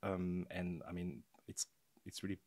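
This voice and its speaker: Very low-voiced, hesitant male guest. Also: flat delivery, darkish tone, dry recording. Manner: hesitant, many pauses and fillers. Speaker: podcast guest, architect. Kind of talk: casual conversation.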